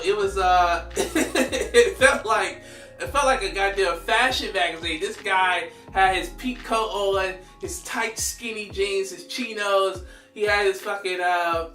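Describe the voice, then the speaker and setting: A man in his thirties telling a story in a slangy, animated way, laughing often. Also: high-pitched, echoey room, far from the mic. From United States. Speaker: vlogger. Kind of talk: casual storytelling.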